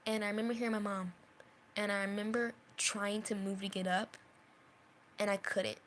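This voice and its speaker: A woman's voice: mid-range voice, level tone, normal speed, a little hiss or hum. A young woman telling a storytime vlog in an earnest way, repeating phrases and dropping into whispers at painful moments. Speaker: vlogger.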